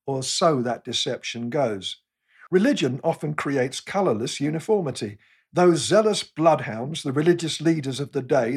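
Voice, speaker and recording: A man's voice: on the high side, husky. A man with an English accent giving a sermon, telling humorous self-deprecating stories in a wry, scripted way. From England. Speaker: preacher.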